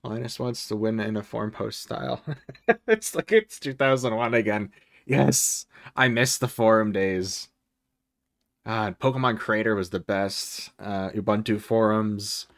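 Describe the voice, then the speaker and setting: Streaming from home, a man with a voice on the low side speaks at a measured pace with vocal fry. He chats casually and rambles, curses often, and chuckles a lot. The sound is dry and clean, studio quality.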